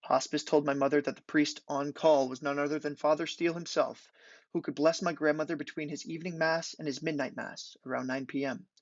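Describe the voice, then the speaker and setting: Young guy reading his thesis prose, slow and deliberate, gravelly, dull lofi sound. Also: a little high, steady tone, no echo. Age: young adult. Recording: dull lo-fi recording.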